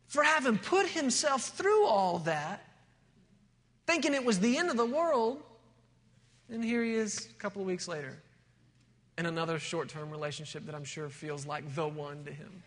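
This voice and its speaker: A man with a high, light voice preaches a sermon. He moves from storytelling into emphatic, rising declarations. His voice rings with the long reverb of a large church hall. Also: a bit bright. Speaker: pastor.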